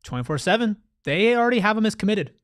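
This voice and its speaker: A man with a high voice argues his points on a sports show in a loose, emphatic, slangy way. The sound is dry and close, with no room around it. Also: very animated, quick pace, no echo. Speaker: sports podcast co-host. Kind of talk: casual sports talk.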